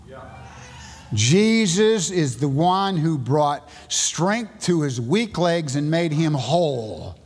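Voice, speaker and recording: A male pastor with a Southern US accent, preaching a sermon and driving his points home with emphatic high bursts. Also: expressive, slow, breathy edge. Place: church sanctuary. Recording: long church reverb.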